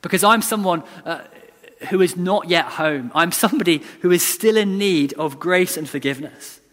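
Long church reverb surrounds a man's high-pitched, fairly bright voice as he preaches at a moderate pace. His delivery is earnest and conversational, with frequent restarts and repeated lines for emphasis.

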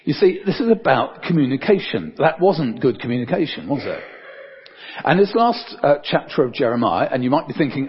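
An older man preaching a sermon in a conversational way, with many fillers and soft dips for emphasis. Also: medium pitch, very animated, brisk, husky, lo-fi sound.

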